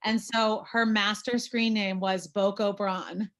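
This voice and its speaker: A woman's voice: mid-range voice, steady tone, slow pace, a bit bright. A woman with a mid-range voice tells a story about her student days. She is chatty and rambling, piling up fillers and self-corrections. She speaks over a video call. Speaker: former classmate, alumna. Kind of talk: casual storytelling conversation.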